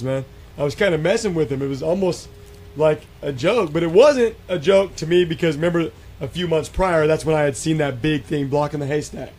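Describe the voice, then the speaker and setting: A man's voice: on the high side, brisk. A man with a slightly raised voice tells a story casually and with animation, acting out what was said with plenty of fillers and restarts. A faint hiss of noise runs under the voice. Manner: animated, acts out quotes, many fillers and restarts. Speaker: guest telling an encounter story. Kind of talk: casual storytelling on a radio show.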